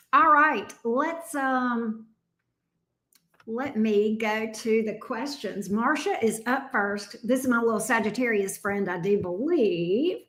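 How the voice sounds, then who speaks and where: A woman with a Southern US accent chats breezily through a live tarot stream, greeting viewers by name in a folksy way. Her voice sits fairly high. The sound carries a roomy echo. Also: a bit bright. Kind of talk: casual live-stream chat.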